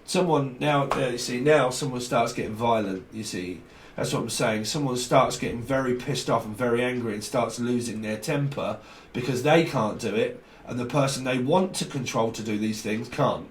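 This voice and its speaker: A man's voice: mid-range voice, moderate pace, roomy sound, recorded from a distance, a little hiss or hum. A man giving a casual, rambling tarot reading, full of slang and acting out little exchanges in different voices. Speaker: tarot reader.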